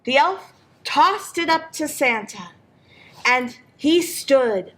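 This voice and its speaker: Slow, expressive woman reading a storybook. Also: high-pitched. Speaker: library storyteller. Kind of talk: reading a picture book aloud.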